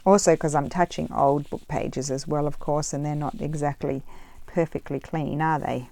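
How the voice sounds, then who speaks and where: A woman's voice: low voice, steady tone, moderate pace, gravelly, mellow, no echo. A woman vlogging casually as she makes paper crafts, thinking aloud and drifting off on tangents. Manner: rambling, chatty, wanders off on tangents; thinks aloud while working. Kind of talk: casual chat while crafting.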